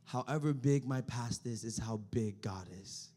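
A man preaching a sermon as pastor, moving between shouted emphasis and quiet, low passages, often repeating and restarting words. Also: moderate pace.

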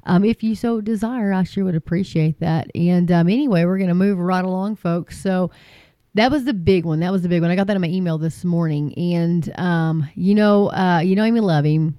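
A woman's voice: fairly low pitch, moderate pace, dark tone, dry recording. A woman from the United States hosting an online talk show, chatting to viewers in an emphatic, filler-heavy way that rises into pleading. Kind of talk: casual commentary to viewers.

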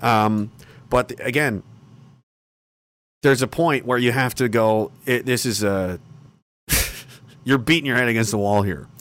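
A man in a mid-range voice rants on his livestream. He swears constantly and mocks his listeners with sarcasm. He flips between bitter muttering and loud, jeering challenges. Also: medium pitch, unhurried, long pauses. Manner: angry, profane and sarcastic, with bursts of mocking shouting. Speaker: livestream host. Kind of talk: profane livestream rant.

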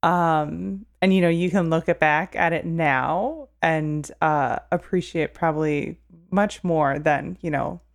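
Woman podcast host, calm and thoughtful. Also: sits low, slow, creaky. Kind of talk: interview conversation.

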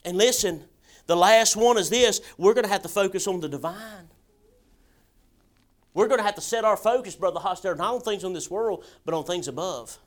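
A man preaching a sermon in a folksy, emphatic way, with shouts at times. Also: sits high, moderate pace. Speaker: pastor.

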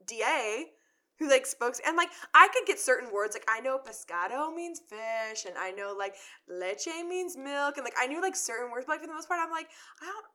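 Bright-voiced chatty young woman. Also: sits high, expressive, normal speed. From Chicago area. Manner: chatty storyteller, many "like" fillers, acts out quotes. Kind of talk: casual chat.

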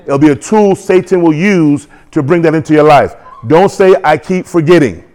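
A man preaching a sermon, exhorting his congregation and calling for responses, building up to excited declarations. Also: on the high side, normal speed.

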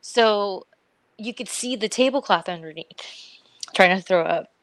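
A woman's voice: medium pitch, measured pace, a bit bright, no echo. A woman co-hosting a podcast, telling a long story in casual chat, acting out what people said and laughing often. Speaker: podcast co-host.

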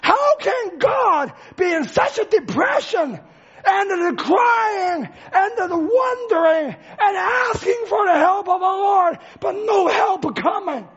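A male preacher giving a dramatic sermon, swinging from shouts to hushed lines, on a dull lo-fi recording. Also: very high-pitched, lively intonation, slow.

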